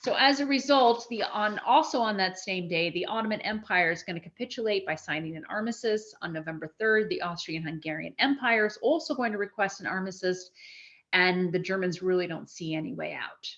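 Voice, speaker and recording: A woman giving a live history lecture to an audience, talking in a conversational, animated way with frequent restarts. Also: on the low side, brisk, lo-fi sound.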